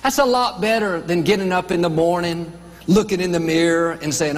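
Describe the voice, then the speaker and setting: Emphatic preacher, high voice in a hall. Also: male voice, moderate pace. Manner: emphatic, builds lists of declarations with rising and falling emphasis; playful asides with light chuckles. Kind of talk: motivational sermon.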